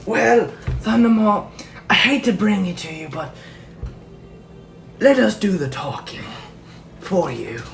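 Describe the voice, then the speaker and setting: Playful table player, lively delivery, roomy sound with music underneath. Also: mid-range voice, slow, gravelly, long pauses, far from the mic. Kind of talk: casual tabletop role-play.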